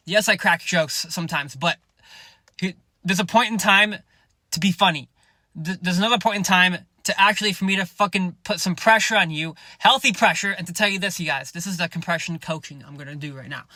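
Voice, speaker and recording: A man's voice: high-pitched, normal speed, bright, forceful tone, no echo. A man, a fitness coach hosting his own podcast, talking bluntly and sarcastically with plenty of swearing and lots of "you guys.". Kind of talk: podcast monologue.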